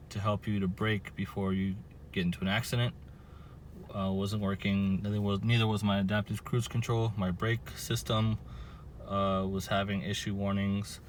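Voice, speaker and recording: A man's voice: on the low side, slight background noise. A man from Southern California, filming a casual vlog outdoors by his car and explaining car trouble in a rambling way, full of fillers and restarts. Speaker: car owner vlogger.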